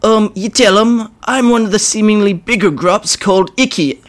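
A man's voice: high-pitched, moderate pace, voice pushed up, close to an everyday voice. A man voicing a cowardly, shifty little goblin grunt with a screechy, whiny voice in a storybook reading. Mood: wheedling.

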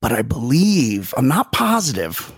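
A man's voice: medium pitch, unhurried, slightly rough, no room sound, clean studio sound. A man co-hosting a comedy podcast, telling stories with jokey exaggeration in casual chat. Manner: animated storytelling, jokey exaggeration. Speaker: podcast co-host.

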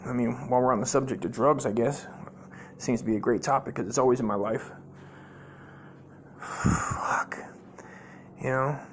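A man tells profane, rambling comic stories as host of his own podcast. His pitch sits in an ordinary middle range, and a faint hiss runs under the recording. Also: steady tone, fast talker. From United States. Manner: profane, rambling storytelling with many fillers. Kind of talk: rambling comedic monologue.

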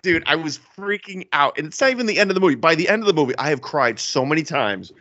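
A young man co-hosting a casual podcast about movies, animated and enthusiastic, laughing often. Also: a little high, fast, dry recording, lo-fi sound. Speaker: podcast co-host.

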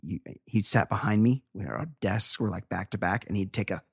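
A man's voice: on the low side, a little fast, gravelly, husky, no room sound, clean studio sound. Rambling, crude male podcast host. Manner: rambling, crude, swears freely. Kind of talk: casual podcast banter, reading listener emails.

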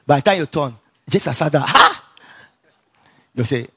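A man with a Nigerian accent preaching a sermon in an animated storytelling way, laughing often, repeating phrases and calling for responses from the congregation. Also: medium pitch, brisk, husky.

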